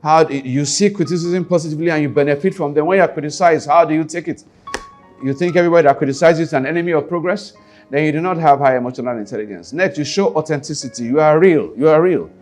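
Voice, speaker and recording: A Nigerian-accented man teaches as a life skills coach, pressing his points with repeated phrases and direct questions to the listener. His voice sits somewhat high for a man. Soft guitar music plays faintly under his talk. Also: fast talker. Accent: Nigerian English. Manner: emphatic, repeats key phrases, asks the listener rhetorical questions.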